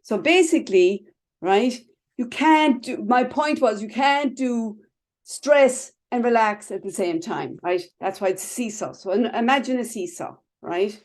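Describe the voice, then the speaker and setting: A woman's voice: a little high, lively intonation, a little slow, darkish tone. A woman teaching a class over a video call, chatty, explaining with everyday images and checking in with "right?" and "okay?" after nearly every phrase. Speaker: wellness instructor.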